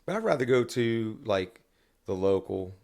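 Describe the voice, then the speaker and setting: A man's voice: lowish voice, very animated, a little slow, creaky, darkish tone. A man talking as a songwriter guest on a podcast, rambling casually with many restarts and fillers.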